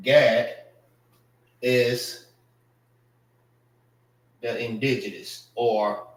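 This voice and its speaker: A man teaching a class, unhurried and repeating words to drill pronunciation. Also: mid-range voice, steady tone. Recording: echoey room.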